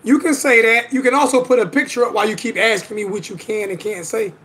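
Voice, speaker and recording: High-voiced man ranting on a livestream. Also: fairly even intonation, quick pace, fairly bright tone. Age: adult with children. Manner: emphatic, repeats himself, slangy. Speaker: livestream host. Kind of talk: casual livestream chat.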